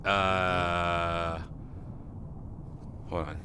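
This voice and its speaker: A man's voice: sits low, flat delivery, drawn-out words, sharp tone, slight background noise. A man hosting a podcast, in loose casual chat with rambling, laughing riffs. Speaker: podcast host.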